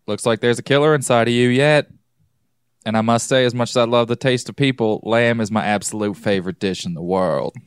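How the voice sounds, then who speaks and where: A man voicing a calm, polite male cannibal killer with low-key menace in a comedy sketch. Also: fairly quick, clean tone, no echo, studio quality, close to an everyday voice. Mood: relishing.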